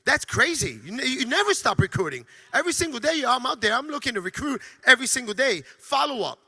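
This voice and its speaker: A man giving an energetic motivational training talk to a sales team, emphatic and often stammering on restarts. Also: very high-pitched, quick pace, breathy edge.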